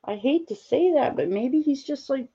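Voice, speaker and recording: A woman streaming, chatting casually with viewers while she crafts, rambling and gently reassuring them with lots of fillers. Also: high voice, expressive, normal speed, highs cut off. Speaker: livestreamer answering chat.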